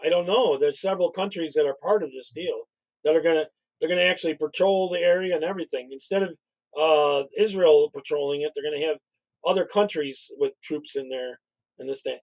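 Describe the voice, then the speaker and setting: A man's voice: a little high, brisk, a little mellow, rough recording. A man co-hosting a casual political commentary stream, talking in a blunt, opinionated, conversational way.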